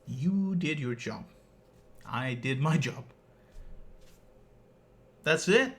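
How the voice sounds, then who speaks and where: A man's voice: mid-range voice, pushed and bright. A man streamer telling a casual story as a rant, rambling with lots of "like" and some swearing. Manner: rambling, swears, many "like" fillers.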